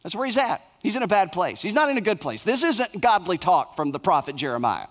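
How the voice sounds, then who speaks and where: A male pastor delivers a sermon in a fairly high voice. He builds his points in short, repeated phrases. He drops soft and low for the sorrowful parts.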